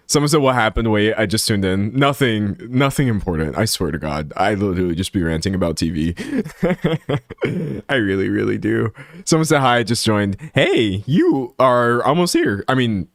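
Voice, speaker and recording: A man's voice: fairly low pitch, no echo, clean studio sound. A man hosting a livestream in a casual rant, laughing often and rambling with restarts, talking into a streaming microphone at a home setup. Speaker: livestream host.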